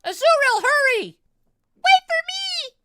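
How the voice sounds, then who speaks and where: Super squeaky tiny creature, way up high, bouncy. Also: male voice, big pitch swings, slow pace, pushed and bright, faint music behind, heavily acted. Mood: excited.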